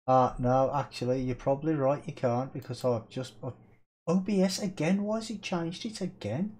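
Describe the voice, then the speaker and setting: A man's voice: mid-range voice, a little mellow, slightly rough. A man with a Birmingham accent streaming a game live, chatting casually with viewers, reading their messages aloud and laughing often. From Birmingham, England.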